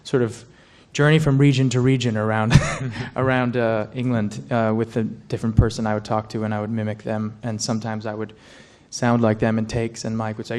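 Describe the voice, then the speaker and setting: An actor answering at a press conference, self-deprecating and joking, with halting phrasing. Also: male voice, lowish voice, little pitch movement, darkish tone. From United States. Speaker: film actor on a press panel.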